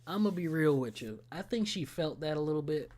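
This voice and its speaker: A man casually reacting to a game trailer, slangy and excitable, often breaking into laughter. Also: on the high side, a little fast. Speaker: gaming streamer reacting to a trailer.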